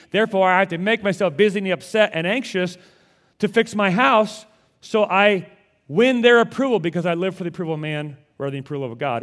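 Animated, higher-voiced male pastor. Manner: animated, repeats words when excited. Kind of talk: conversational sermon.

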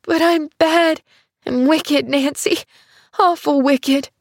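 A woman reading a storybook, voicing an earnest young orphan girl with an eager, breathless, high voice. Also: unhurried, husky, dry recording, clean studio sound. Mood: sobbing. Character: cheerful earnest orphan girl, around eleven.

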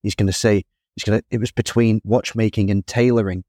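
A male podcast host interviewing a guest, excitable and self-deprecating. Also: on the low side, brisk, no room sound, studio quality. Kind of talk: interview chat.

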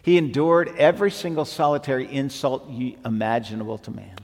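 A man preaching a sermon as pastor, slow and emphatic, rising at times to near shouting. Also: medium pitch. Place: church sanctuary. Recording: long hall reverb, faint music behind.

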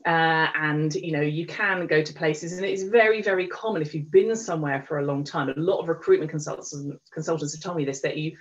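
A woman's voice: low-pitched, brisk, few pauses. A middle-aged woman speaking as an interview guest, telling her story frankly with plenty of fillers and restarts. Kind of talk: candid conversational storytelling. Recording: dull lo-fi recording.

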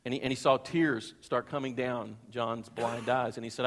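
A man's voice: mid-range voice, steady tone, moderate pace, a little hiss or hum. A male pastor preaching a sermon, telling stories earnestly and repeating phrases for emphasis. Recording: long hall reverb.

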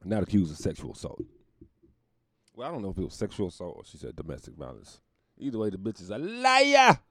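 A man's voice: on the low side, huge pitch swings, brisk, fairly bright tone, no room sound. A male comedian delivering a profane, rambling casual podcast monologue.

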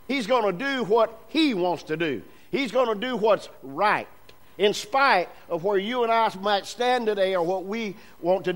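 A man with a notably high-pitched voice preaches a sermon to his congregation. He drives his points home through repeated phrases, and his emphasis swells and drops as he goes. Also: a bit bright, low-quality recording. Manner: emphatic preaching with repetitions and rising, falling emphasis.

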